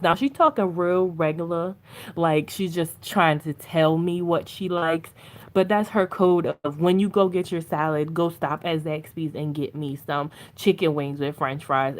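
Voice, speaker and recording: A woman vlogger chatting to viewers over her phone, telling stories and laughing often. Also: low voice. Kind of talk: casual chat to viewers on a phone stream.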